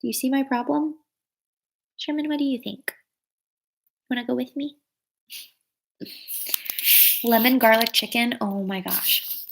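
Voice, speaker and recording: A woman's voice: sits high, fairly even intonation, a little slow, vocal fry, pauses often. A young woman in her twenties chatting casually with her livestream viewers, full of fillers and reading out their comments. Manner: chatty, many fillers, reads out chat comments. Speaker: livestream vlogger.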